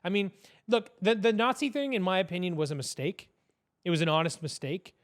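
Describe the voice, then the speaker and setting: A man's voice: high voice, expressive, fairly quick. A man speaking as a podcast guest in casual political chat, blunt and opinionated, with some swearing. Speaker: podcast guest, business owner.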